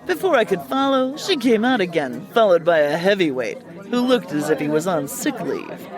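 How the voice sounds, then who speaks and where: A woman narrating a hardboiled comic mystery story in a wry, deadpan, theatrical way. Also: fairly low pitch, normal speed, over music, a crowd in the background.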